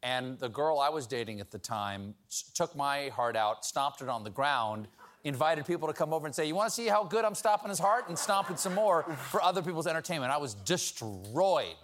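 A middle-aged man fielding questions from a theater audience before a show. He tells stories with a playful, self-mocking edge, and his voice sits at an ordinary pitch. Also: expressive, moderate pace, a bit bright. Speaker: talk show host. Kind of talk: casual audience Q&A.

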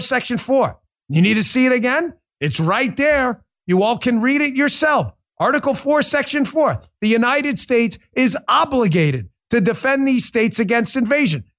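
Male political talk host: high voice, combative, sarcastic, addresses the audience directly. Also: a bit bright. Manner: talks straight to listeners, rhetorical questions. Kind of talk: political commentary show.

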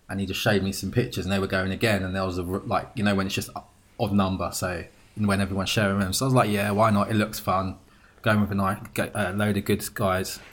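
A man's voice: lowish voice, fairly bright tone. Chatty English man telling stories. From England. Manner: laughing anecdotes, lots of fillers. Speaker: podcast co-host. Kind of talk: casual chat.

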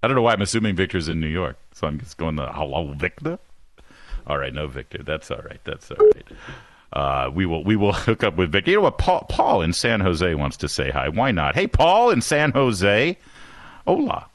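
A man hosting a talk radio show, excitable and self-deprecating, with rambling asides, on a studio microphone. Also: low-pitched, fairly quick, no room sound.

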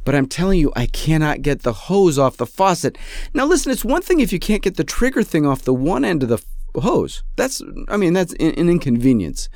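A man's voice: on the high side, wildly swooping pitch, a little fast, a little mellow, dry recording, clean studio sound. A man hosting a podcast, telling a comic story in an exasperated, self-mocking rant. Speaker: podcast host. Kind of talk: casual comedic storytelling.

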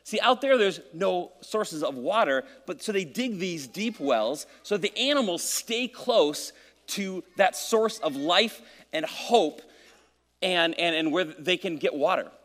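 A high-pitched male pastor gives a casual, joking sermon to his church. His voice rings through a church sanctuary with a long hall reverb. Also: animated, takes it slowly, fairly bright tone. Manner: casual and joking, then reading scripture and praying.

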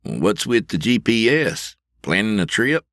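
A man voicing an easygoing middle-aged husband in an audio story, wry and gently teasing. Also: fairly low pitch, sing-song, a little slow, dry recording, studio quality, pitched above the performer's own voice, heavily acted. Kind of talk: audio drama reading.

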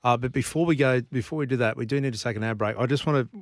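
A man's voice: medium pitch, no room sound, studio quality. Chatty male podcast host. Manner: chatty, matey, quick to laugh along. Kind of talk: casual interview chat.

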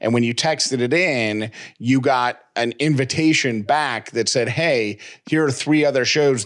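An upbeat, chatty man from upstate New York co-hosts a casual podcast. His voice sits at an ordinary middle pitch, neither high nor low. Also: fairly bright tone. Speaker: podcast co-host.

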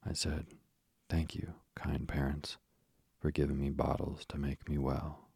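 A man's voice: very deep voice, level tone, unhurried, gravelly, a little mellow, husky, no room sound, studio quality, heavily acted. A man voicing a proud, pompous father who blusters and sulks like a child. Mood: blustering. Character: pompous proud father, sulking over medicine.

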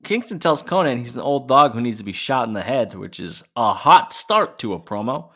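A man's voice: medium pitch, animated, moderate pace, bright, forceful tone. A man co-hosting a podcast, chatting casually and swearing freely while recapping a wrestling show. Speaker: podcast co-host.

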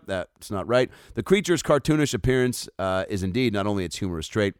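Male comic podcast host, low voice, very animated delivery, riffing casually over articles. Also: fairly quick, smooth, no echo, studio quality. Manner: joking, loose, swearing, lots of fillers and asides.

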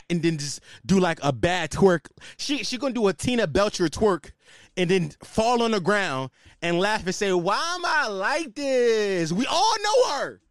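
A man's voice: sits high, dry recording, clean studio sound. A man hosting his own podcast, ranting in a loose, slangy, casual way. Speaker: podcast host. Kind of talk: casual solo podcast rant.

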